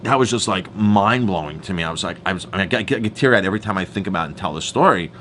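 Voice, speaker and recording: Earnest middle-aged chef for a staff training talk, lowish voice, faint background noise. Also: male voice, lively intonation, racing, pushed and bright. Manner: earnest, emphatic, repeats words as he goes. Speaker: chef and restaurant owner.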